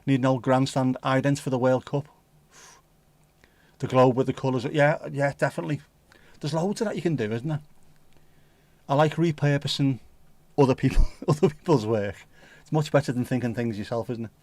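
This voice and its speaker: A man's voice: mid-range voice, a little fast, long pauses, a little mellow, no echo. A man with a Scouse accent hosting a livestream, chatting casually in a rambling, jokey, sweary way. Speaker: livestream host. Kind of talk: casual chat.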